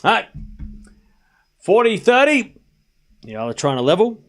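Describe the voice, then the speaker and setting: A man's voice: sits high, sing-song, measured pace, a bit bright. A young Australian man streaming live tennis commentary, calling points and bantering with his chat. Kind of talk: live watchalong commentary, chatting with viewers.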